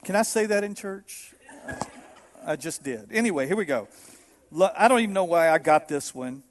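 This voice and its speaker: A man's voice: fairly high pitch, animated, normal speed, slight background noise. A male pastor, preaching in a joking, playful way. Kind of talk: sermon. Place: church.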